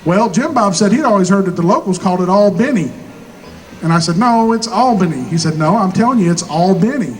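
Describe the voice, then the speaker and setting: A high-voiced man with a rural Southern American drawl spins folksy hillbilly yarns on stage, voicing each character himself and dropping punchlines deadpan. A faint hum of live-room ambience sits underneath him. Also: quick pace, rough recording. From Missouri. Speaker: stand-up comedian. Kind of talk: stand-up comedy storytelling.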